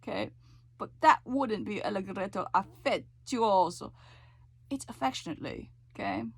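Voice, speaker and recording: A woman's voice: mid-range voice, expressive, moderate pace, creaky, husky, no echo. A woman teaching a voice lesson, coaching with frequent check-ins and sung demonstrations. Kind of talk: singing lesson explanation.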